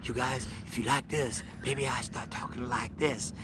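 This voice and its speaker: A man putting on the soft, low, slow voice of a male TV craftsman who works a puppet. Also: steady tone, background noise, lightly acted. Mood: goofy.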